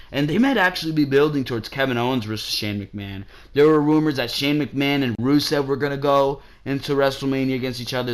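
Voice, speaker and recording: A man ranting through a wrestling show review, swearing often and firing off questions, his throat strained and wearing out. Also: medium pitch. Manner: heated, profane, rhetorical questions.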